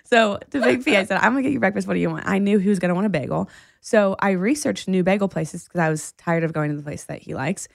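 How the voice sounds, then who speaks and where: A woman co-hosting a podcast, telling a story in casual chat, animated and laughing often. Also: mid-range voice, fast talker, creaky, dry recording, studio quality. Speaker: podcast co-host.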